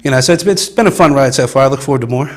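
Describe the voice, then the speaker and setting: Man, comedian from virginia, casual interview chat, easygoing storyteller, laughs often, mid-pitched voice. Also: rapid-fire. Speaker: comedian guest.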